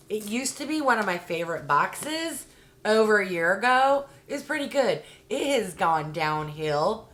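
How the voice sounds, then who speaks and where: Exasperated woman ranting in a casual vlog. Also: mid-range voice. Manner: chatty, uses fillers like "like" and "um". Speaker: beauty box reviewer.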